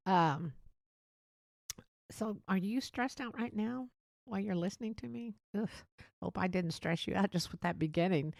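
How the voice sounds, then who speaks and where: A woman hosting a casual solo podcast, talking fast and rambling, laughing between thoughts. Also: on the low side, no echo, studio quality. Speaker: podcast host.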